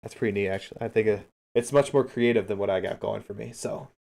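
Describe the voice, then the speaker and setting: A man's voice: on the low side, fast talker, gravelly, a little mellow. Chatty man coaching over a livestream. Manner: chatty, talks straight to his viewers and answers chat. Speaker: streamer and game coach. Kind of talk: casual livestream replay analysis.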